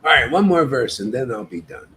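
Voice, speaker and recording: Animated man giving a casual sermon. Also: mid-range voice, brisk, a little hiss or hum, low-quality recording. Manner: emphatic, casual, peppers talk with "man". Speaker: devotional meetup leader. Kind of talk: informal devotional sermon.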